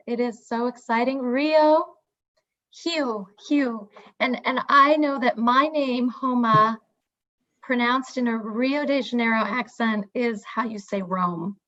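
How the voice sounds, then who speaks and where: An upbeat woman co-hosts a webinar, greeting attendees and the places they are joining from. Her voice sits a bit high, and the video call audio is dull and lo-fi. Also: a bit bright. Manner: upbeat, reads out attendee locations. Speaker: webinar co-host. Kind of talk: casual greetings before a webinar.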